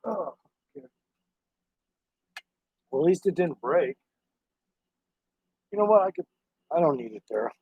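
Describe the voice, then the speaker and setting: A man's voice: a little high, expressive, measured pace, long pauses, husky. Rambling man live streaming. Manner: rambling, talks to his dog and chat. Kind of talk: casual live-stream chat. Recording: dry, dull lo-fi sound.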